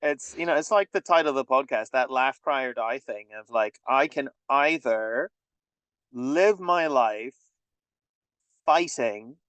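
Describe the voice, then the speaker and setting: A man co-hosts a podcast in relaxed talk, teasing his co-host with dry jokes and dropping blunt swear words. His voice sits close and dry, with no room sound around it. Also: mid-range voice, unhurried, clean tone, no echo, poor audio. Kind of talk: casual conversation.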